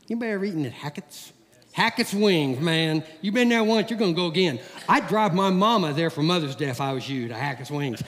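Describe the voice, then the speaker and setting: A middle-aged man, a pastor, preaching a sermon in a church, with a folksy, animated manner and homey everyday stories. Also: sits high. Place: church sanctuary. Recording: long hall reverb.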